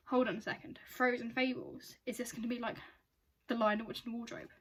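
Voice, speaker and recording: A young woman in her twenties unboxing books, bubbly and quick to gush over every detail. Her voice sits a touch high and has a husky grain to it. She pokes fun at her own excitement as she talks. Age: 20s. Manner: gushing, self-mocking, quick to squeal with excitement. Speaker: book unboxing vlogger. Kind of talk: excitable casual unboxing chat.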